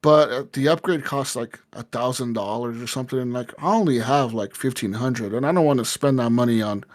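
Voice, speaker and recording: A man's voice: medium pitch, brisk. A man hosting a casual gaming podcast, rambling through a story with lots of filler words and swearing. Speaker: podcast host.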